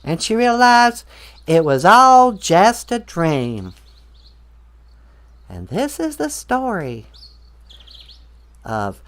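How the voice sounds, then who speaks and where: A woman telling a story in a playful, rambling way, with hesitant restarts. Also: fairly low pitch. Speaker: guest storyteller. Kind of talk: casual storytelling.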